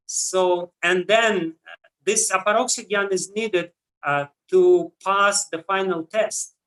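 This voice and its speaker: A man with a Russian accent, giving a scripture lecture in a measured way, with frequent pauses and "uh"s. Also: sits high, a bit bright, poor audio. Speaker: spiritual teacher.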